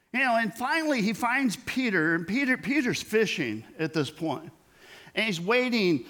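A man's voice: fairly high pitch, a bit bright. A man preaching a sermon in a conversational way, acting out the dialogue he quotes. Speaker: pastor.

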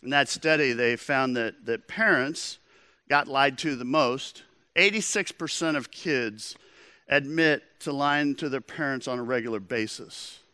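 A man's voice: medium pitch, measured pace, bright, forceful tone, clear, resonant tone, no echo, clean studio sound. A man preaching a sermon as pastor, in a conversational storytelling manner.

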